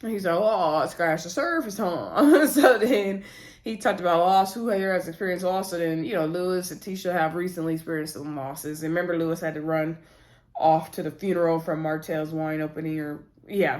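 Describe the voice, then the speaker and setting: A woman's voice: low voice, flat delivery, a little fast, darkish tone. A woman casually recapping a reality TV episode, chatting to viewers as "y'all" and retelling scenes through quoted lines. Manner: retells scenes by quoting cast members.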